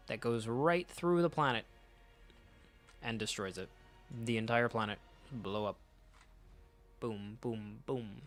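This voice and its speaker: Casual man rambling through a comic. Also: mid-range voice. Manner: rambling, swears, laughs often. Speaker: comic reader, channel host.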